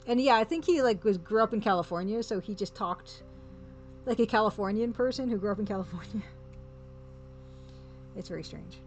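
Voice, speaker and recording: A woman's voice: mid-range voice, moderate pace, long pauses, darkish tone, faint music behind. Amused woman streamer thinking aloud. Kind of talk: let's play commentary.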